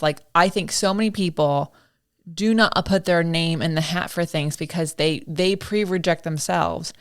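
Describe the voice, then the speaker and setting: A woman's voice: on the low side, normal speed. Enthusiastic woman hosting a podcast. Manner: enthusiastic, laughs readily, jumps in. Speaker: podcast host. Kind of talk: casual interview chat.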